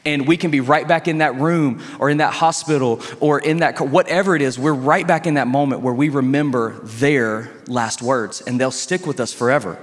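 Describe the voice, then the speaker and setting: A male pastor delivering a sermon in a church sanctuary, telling stories in a relaxed, conversational way with emphatic pauses. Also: mid-range voice. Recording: long reverb from a church hall.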